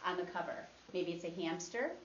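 A woman teacher leading a guided reading lesson with young children, encouraging and patient, modeling expressive reading aloud. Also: fairly low pitch, brisk, slight background noise. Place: classroom. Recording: echoey, dull classroom recording.

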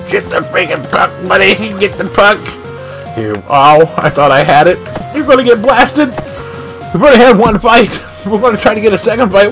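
A man commentating his own video game play live, excitable and shouting at the action. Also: high voice, normal speed, faint music behind. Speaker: gaming channel host.

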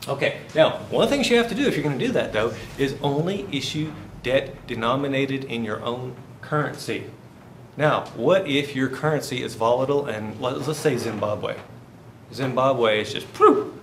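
A man giving a university finance lecture, telling jokey stories and quizzing the class. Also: mid-range voice. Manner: joking, storytelling, asks the class questions. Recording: echoey classroom with faint hiss.

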